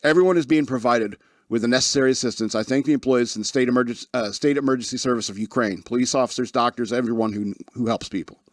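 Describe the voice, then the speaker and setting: A man hosting a talk radio show who reads news stories aloud, stumbling over names and cutting in with sarcastic remarks. His voice sits at a medium pitch and the recording is close and dry. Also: quick pace, few pauses, dry recording. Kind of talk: casual news commentary.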